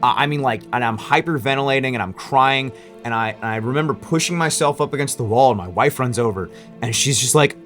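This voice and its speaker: A man's voice: medium pitch, fast talker, a bit bright, soft background music. Rambling man telling a story. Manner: rambling, with frequent restarts and fillers. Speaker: small business owner. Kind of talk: casual storytelling vlog.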